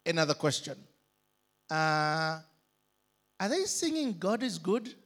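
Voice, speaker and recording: A man's voice: high voice, sing-song, slow pace, long pauses, fairly bright tone. A man preaching a sermon, dramatic and calling on the congregation to repeat after him. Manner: dramatic, calls for congregation response.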